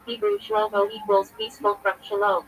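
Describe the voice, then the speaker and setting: A man's voice: sits high, completely flat delivery, brisk, fairly bright tone, rough recording. A man, a rabbi, reading from a list on a livestream in short clipped fragments. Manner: clipped fragments, terse and listing.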